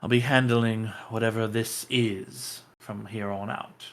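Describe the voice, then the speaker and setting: A cold, commanding church bishop, as a man voices him at a tabletop game. He speaks in a low, unhurried voice and gives curt orders. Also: fairly even intonation. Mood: stern. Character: stern composed male human bishop, mid-thirties.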